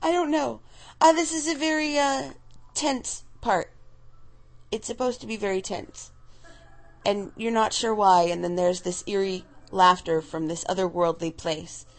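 A woman in her thirties talks through her own work in a relaxed, unscripted commentary. She rambles, loses her thread and laughs often. Her voice sits at an ordinary mid pitch for a woman. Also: measured pace, rough recording. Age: 30s. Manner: loses her train of thought. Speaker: director giving commentary. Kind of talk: casual live commentary.

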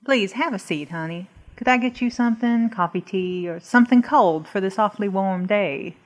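A woman's voice: medium pitch, normal speed, muffled recording, close to an everyday voice. A woman playing a doting older churchgoing hostess in an audio drama. She keeps calling her guest dear and honey. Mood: sweet. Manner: sugary, calls the visitor dear and honey.

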